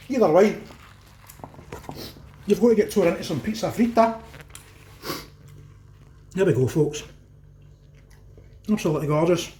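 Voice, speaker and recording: A man's voice: sits high, lively intonation, measured pace, long pauses, dark tone, roomy sound. A Scottish man hosting a casual cooking vlog, chatting to viewers as folks and talking with his mouth full while he tastes. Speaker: cooking channel host.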